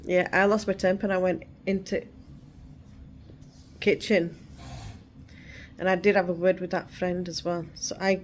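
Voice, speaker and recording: A woman's voice: on the low side, little pitch movement, a little slow, long pauses, a little hiss or hum. A woman chatting casually as a vlogger, unwell with migraine and fever, rambling as she tells a story and quotes what others said. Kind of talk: casual chat.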